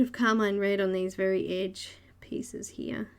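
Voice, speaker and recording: A woman's voice: medium pitch, level tone, fairly quick, hardly any pauses. A woman with an Australian accent hosting a live coloring stream, chatting casually while she explains each step and greets viewers by name. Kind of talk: live art tutorial narration.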